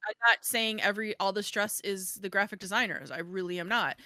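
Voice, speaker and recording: A woman hosting a podcast in casual chat, telling stories with lively acted-out quotes. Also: medium pitch, a little fast, dry recording, studio quality. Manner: animated storyteller, acts out quotes. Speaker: podcast host.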